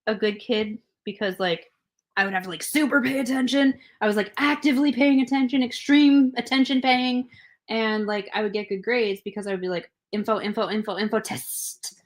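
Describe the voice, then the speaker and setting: A woman's voice: a little high, moderate pace. A young adult woman co-hosting a podcast in casual chat, talkative and blunt, swearing and laughing as she tells stories. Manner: chatty, swearing, laughing asides. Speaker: podcast co-host.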